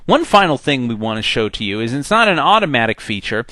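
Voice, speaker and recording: A man teaching a software tutorial in a conversational, step-by-step way. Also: mid-range voice, very animated, quick pace, no room sound. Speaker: software instructor. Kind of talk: screen-recorded tutorial.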